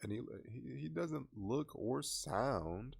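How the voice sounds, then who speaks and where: A man's voice: mid-range voice, lively intonation, takes it slowly, vocal fry, background noise. A man giving casual reaction commentary on a movie trailer, scoffing and exasperated as he critiques it.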